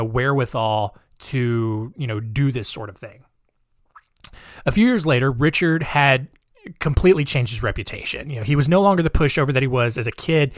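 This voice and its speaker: A man's voice: medium pitch, a bit bright, no echo, studio quality. Wry casual male podcast host. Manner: conversational, many fillers, wry sarcastic asides. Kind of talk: casual true-crime storytelling.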